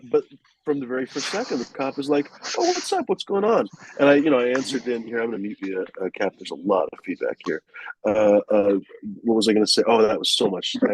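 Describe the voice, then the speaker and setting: A man's voice: mid-range voice, a little mellow, a little hiss or hum, poor audio. A man telling a long story casually, rambling and profane, with many fillers and restarts.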